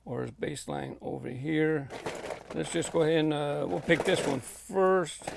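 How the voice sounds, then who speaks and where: Gravelly rambling man showing his collection. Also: on the high side, background noise. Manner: rambling, filler-heavy, thinking aloud. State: out of breath. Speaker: toy car collector vlogger. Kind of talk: casual walk-through vlog. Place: home warehouse room.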